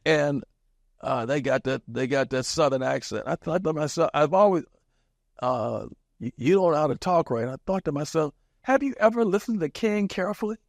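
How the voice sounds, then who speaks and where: A man's voice: mid-range voice, moderate pace, gravelly, dry recording, studio quality. A man in his seventies from small-town Kansas, an interviewed community activist recalling his past in an emphatic, wry storytelling way and chuckling at his own anecdotes.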